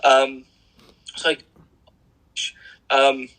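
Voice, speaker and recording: A young English man speaking as an interview guest, talking in a blunt, joking and animated way. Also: mid-range voice, very slow, low-quality recording. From England. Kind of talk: casual interview chat.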